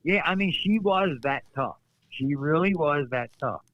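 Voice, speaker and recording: Brief: man, animated storyteller, acts out quotes, dry lo-fi audio. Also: a little high, a little slow, no echo. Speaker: guest, former wrestler. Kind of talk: casual storytelling interview.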